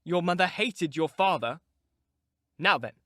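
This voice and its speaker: A man's voice: a little high, lively intonation, measured pace, bright, forceful tone, no room sound, clean studio sound. A man reading an audiobook, voicing a sickly, spiteful teenage boy with a whiny, petulant manner. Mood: taunting.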